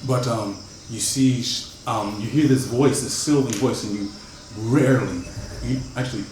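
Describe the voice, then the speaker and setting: A man narrating a tabletop role-playing session as game master, feeling his way through descriptions with fillers and restarts. He sits away from the mic in a very echoey room, with steady noise behind him. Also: medium pitch, recorded from a distance. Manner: halting, many fillers and restarts.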